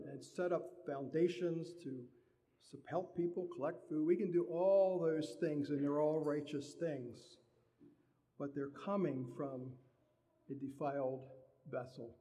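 Male preacher, conversational sermon delivery, dark mellow tone, long hall reverb. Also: fairly high pitch. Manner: conversational preaching, acts out everyday dialogue.

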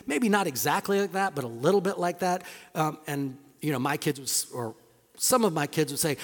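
A middle-aged male pastor preaching a sermon in a conversational style, firing rhetorical questions and moving between emphatic points and hushed asides. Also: mid-range voice, expressive, normal speed. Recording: long reverb of a large hall.

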